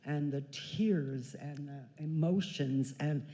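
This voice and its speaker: A woman in her sixties telling a family story on a church stage, chatty and animated, often laughing. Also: deep voice, slow pace, dull audio. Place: large church hall. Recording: church hall with long reverb.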